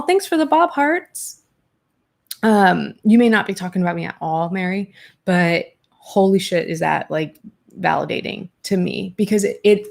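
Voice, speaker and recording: A young adult woman hosting a podcast, reading viewer comments and reacting in a candid, animated way, swearing freely. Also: mid-range voice, gravelly. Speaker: podcast host.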